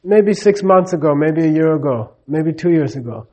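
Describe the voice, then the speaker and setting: Guy giving a spiritual talk live, slightly high voice, keeps asking the room "okay?", acts out little stories. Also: lively intonation, moderate pace, a little mellow. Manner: conversational, often checks in with the audience; tells stories with acted-out dialogue. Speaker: spiritual teacher.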